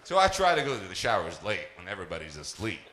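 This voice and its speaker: Bright, animated male stand-up comic. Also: low-pitched, quick pace, slight background noise. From Palestine. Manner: animated, profane, laughing through his lines. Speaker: stand-up comedian. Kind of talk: live stand-up storytelling. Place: live comedy stage. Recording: echoey live venue.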